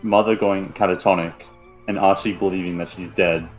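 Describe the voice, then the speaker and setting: Very low-voiced rambling male player. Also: fairly even intonation, normal speed, soft background music, low-quality recording. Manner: rambling, laughing, swears freely. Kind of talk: casual chat.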